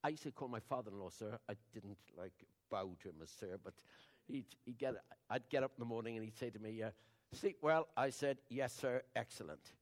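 An older man, preaching in a conversational, storytelling sermon that drops to hushed asides and rises to loud declarations. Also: lowish voice, fast.

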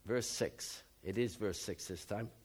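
A man in his seventies preaching a sermon, moving from low musing to loud, emphatic outbursts. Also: measured pace, slightly rough. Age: 70s.

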